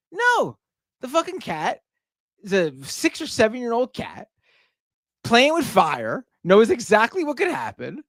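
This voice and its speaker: A man's voice: sits high, no room sound, studio quality. A man hosting a live stream, reading super chats aloud and ranting in a casual, profane, indignant way. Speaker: livestream show host.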